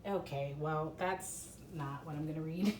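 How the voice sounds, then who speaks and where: A tarot and oracle card reader offers viewers a casual spiritual reading, rambling and hesitant, full of fillers and restarts. Her voice is low and a little mellow, fairly even in intonation and a little slow, with slight background noise.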